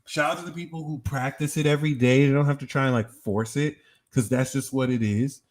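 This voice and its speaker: A man's voice: mid-range voice, fairly even intonation, fairly quick. A young man doing a live-stream tarot reading, talking casually with lots of swearing and slang while answering his chat. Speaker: tarot reader.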